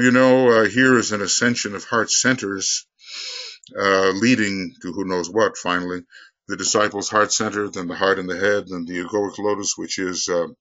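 A man teaching esoteric lore and leading a group meditation, talking quickly and rambling with many fillers. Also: sits low, a bit bright, muffled recording. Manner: speaks quickly. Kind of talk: esoteric lecture and guided meditation.

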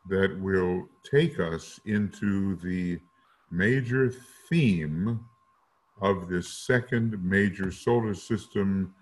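A man giving a slow, deliberate lecture in a rough morning voice, now and then singing note syllables to illustrate. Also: sits low. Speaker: teacher.

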